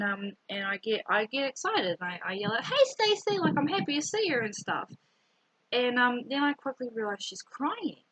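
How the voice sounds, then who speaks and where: Breathy young woman telling a story. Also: mid-range voice, no echo, poor audio. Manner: rambling, animated storytelling with fillers. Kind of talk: casual storytime vlog.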